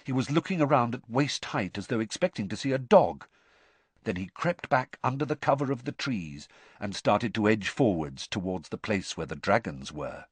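A man reading an audiobook in a steady storytelling manner, stepping into character voices. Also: on the low side, normal speed, husky, no echo. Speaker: narrator. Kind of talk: audiobook narration.

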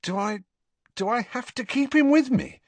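A man's voice: very high voice, normal speed, no room sound, pitched above the performer's own voice. A man voicing a teenage boy wizard who speaks curtly and a bit flustered. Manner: curt, flustered.

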